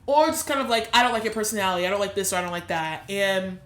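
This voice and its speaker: A woman's voice: medium pitch, fast talker, fairly bright tone, echoey room. A young woman co-hosting a podcast, talking candidly and emotionally in casual chat, swearing freely. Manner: emotional, swears freely, laughs through tears. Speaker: podcast co-host.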